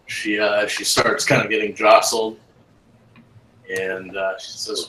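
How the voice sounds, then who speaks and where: A man narrating as game master in a tabletop game, halting and full of ums. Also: lowish voice, level tone, background noise. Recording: roomy echo.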